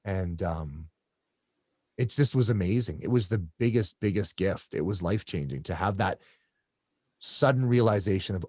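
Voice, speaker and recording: A man's voice: low voice, animated, normal speed, darkish tone, no echo, studio quality. A man from Canada, a coach, telling his story as an interview guest in a rambling way with many restarts.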